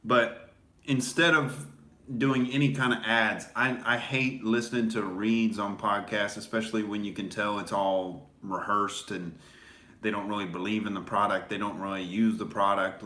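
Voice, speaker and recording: A man's voice: fairly low pitch, a bit bright. A man hosting a podcast as a comedian, rambling through a casual, sarcastic monologue. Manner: rambling and sarcastic, many fillers. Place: small home recording setup. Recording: echoey room.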